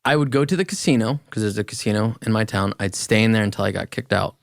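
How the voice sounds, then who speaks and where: A man's voice: on the low side, fast, creaky, dry recording, clean studio sound. A man speaking as a guest on a podcast, talking in plain, blunt casual chat.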